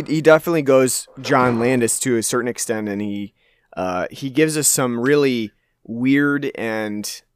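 A man discussing a film in casual talk, rambling with many fillers and restarts in a relaxed way. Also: medium pitch. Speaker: podcast co-host.

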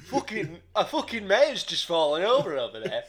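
A man voicing a rowdy, swearing male mayor in a put-on Yorkshire accent, loud and coarse. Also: high-pitched, huge pitch swings, moderate pace, a crowd in the background, pitched above the performer's own voice.

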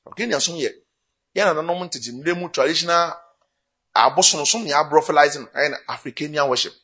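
A man with a Ghanaian accent delivers a sermon, moving between Twi and English. His voice sits high and bright, with a husky edge, and he rises into fervent bursts of emphasis. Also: fast. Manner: preaching with rising bursts, mixing Twi and English. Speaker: pastor.

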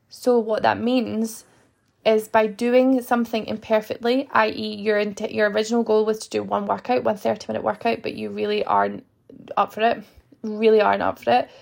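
A woman's voice: mid-range voice, vocal fry, darkish tone. A young woman, a fitness coach hosting her own podcast, talking earnestly to listeners and acting out little inner voices. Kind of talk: motivational podcast monologue.

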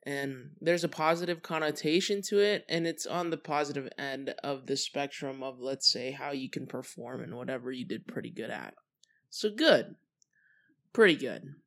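Relaxed young podcast host, chatty. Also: mid-range voice, moderate pace, few pauses. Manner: relaxed, chatty, with many fillers and trailing thoughts. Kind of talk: casual solo podcast talk.

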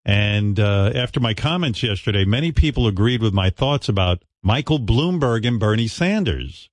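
Brief: male radio host, mid-pitched, animated chat, dry close sound. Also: brisk, hardly any pauses, no room sound. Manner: animated, slips into impressions. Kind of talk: casual chat.

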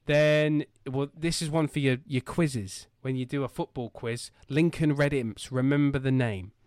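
A man's voice: medium pitch, fairly even intonation, measured pace, darkish tone, smooth, dry recording. Male podcast host, rambling jokey chat, dry room. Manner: jokey and rambling, with many fillers. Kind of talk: casual football chat. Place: home.

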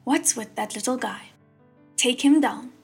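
A woman voicing an arrogant, hot-tempered ghost king in an audiobook, with a slow, mocking drawl. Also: on the high side, vocal fry, slightly rough, soft background music, heavily acted. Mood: smug.

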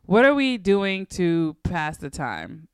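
A young woman co-hosting a podcast, chatting in an animated, exasperated way and laughing easily. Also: on the low side, slow pace, smooth, no room sound, studio quality. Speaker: podcast co-host. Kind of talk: casual chat.

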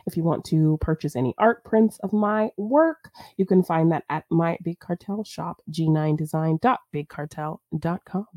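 A woman co-hosting a podcast in casual chat, playful and quick to laugh. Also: on the low side, dark tone, no room sound, clean studio sound. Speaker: podcast co-host.

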